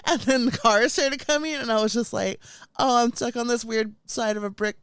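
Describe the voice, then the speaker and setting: A woman's voice: a little high, moderate pace, clean tone, dry recording. Chatty young woman telling a story. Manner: animated storytelling, many "like"s, laughs often. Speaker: podcast co-host. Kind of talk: casual chat.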